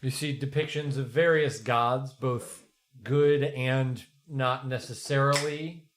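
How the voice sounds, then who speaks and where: A man's voice: medium pitch, fairly even intonation, takes it slowly. A man narrating a tabletop role-playing game as game master, describing scenes in a playful, descriptive way.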